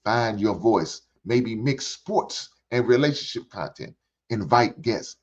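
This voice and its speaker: A man's voice: on the low side, lively intonation, slow pace. Profane older man ranting in a preachy way. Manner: blunt and profane; preachy, repeats phrases. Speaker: reaction show host. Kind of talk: ranting commentary. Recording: dull lo-fi recording.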